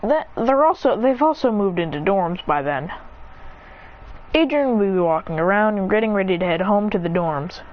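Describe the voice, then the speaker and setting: A woman with a medium-pitched voice and lively intonation speaks at a moderate pace, casually narrating an improvised story. She rambles and corrects herself while acting out the characters' lines, on a dull lo-fi recording with faint noise.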